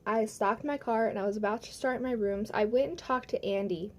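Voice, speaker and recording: A young woman with a medium-pitched, brisk voice records a storytime vlog from home. She retells events heatedly, swearing a lot and saying "like" constantly.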